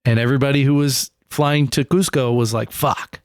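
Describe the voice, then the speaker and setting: A man co-hosting a podcast, telling a story in casual chat, animated and swearing freely. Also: mid-range voice, normal speed, clear, resonant tone, no room sound, studio quality. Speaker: podcast co-host.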